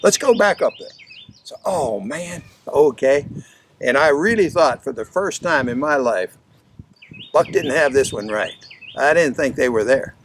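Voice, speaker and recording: A man teaching fishing through a folksy, animated story from his own experience. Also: medium pitch, measured pace, slight background noise. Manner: folksy, animated anecdote-telling. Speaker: fishing instructor. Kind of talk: storytelling lesson.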